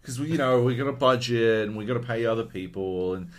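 A man's voice: mid-range voice, fast, natural voice. A man with an Australian accent putting on the voice of over-eager male film studio executives as he jokes. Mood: pleading.

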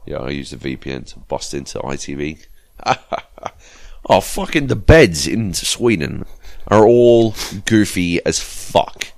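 A man's voice: low voice, sing-song, unhurried, a little mellow. An Australian man telling a rambling, profanity-laced story on a casual gaming podcast. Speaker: podcast co-host. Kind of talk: casual chat.

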